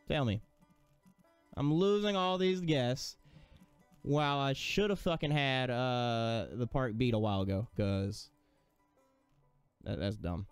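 A man's voice: mid-range voice, a little slow, long pauses, smooth, dry recording, soft background music. Exasperated, sweary male gamer. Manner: exasperated, swears a lot, rants at the game. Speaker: gaming streamer. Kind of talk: frustrated gameplay commentary.

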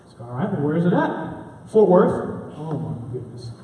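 A man's voice: fairly high pitch, big pitch swings, moderate pace, mellow, a little hiss or hum. A young man telling a slangy, casual testimony story at a student rally. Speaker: student speaker. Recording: echoey hall from far off.

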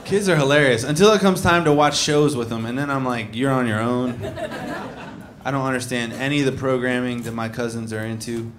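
A young man performing a stand-up comedy set on stage, telling stories conversationally and acting out lines from children and others before shouting the punchlines. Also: mid-range voice, fairly even intonation, a little fast. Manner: conversational storytelling, acts out kids and shouts punchlines. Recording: live club recording with crowd noise. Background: audience laughter.

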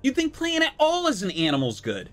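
Man streamer, thirties, exasperated and profane; pitch swings wide, faint game music under him. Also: wildly swooping pitch, fairly quick, fairly bright tone. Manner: ranting, exasperated, heavy swearing. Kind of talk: live-stream commentary while playing.

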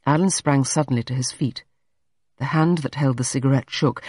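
An audiobook narrator reading a classic story with expressive, scripted delivery. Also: medium pitch, moderate pace, slightly rough, dry recording, clean studio sound.

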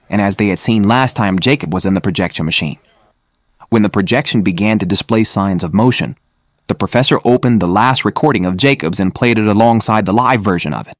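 A man narrating an audiobook in a steady, measured way. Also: fairly low pitch, no echo, clean studio sound.

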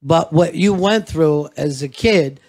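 Radio host guy, kinda high voice, blunt and earnest, cussing casually. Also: slow, a little mellow. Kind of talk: interview conversation. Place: comedy club.

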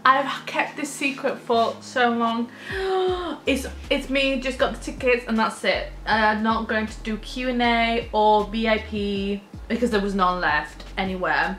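A woman in her thirties chatting excitedly about a song she just watched, gushing and breaking into giggles. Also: a little high, a little slow, few pauses, roomy sound, a little hiss or hum. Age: 30s. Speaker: music reaction YouTuber. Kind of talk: excited casual reaction chat.

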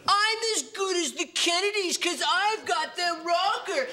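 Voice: very high voice, lively intonation, a little slow, bright, forceful tone, voice pushed up, exaggerated voice. A comic performer playing a vain, wealthy buyer who gloats and shows off about owning a famous rocking chair. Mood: gloating. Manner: gloating, showing off.

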